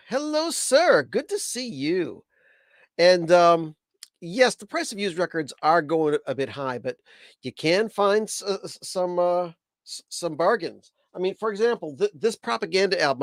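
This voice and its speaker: A man's voice: sits high, dry recording. A man hosting a casual livestream, chatty and enthusiastic, rambling with restarts. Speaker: livestream host, record collector.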